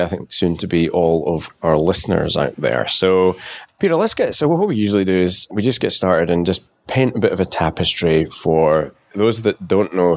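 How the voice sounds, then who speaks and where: A man with a Scottish accent, hosting a podcast in a chatty, jokey interview style. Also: deep voice. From Scotland. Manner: chatty, jokey, self-deprecating. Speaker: podcast host. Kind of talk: casual interview chat.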